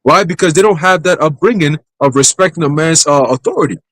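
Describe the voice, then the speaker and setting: A man in a casual church discussion, talking bluntly with rough language and acting out other people's lines. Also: fairly high pitch, a little fast, fairly bright tone, no echo, poor audio. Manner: blunt, profane, mimics others' voices in quoted lines. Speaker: church group speaker.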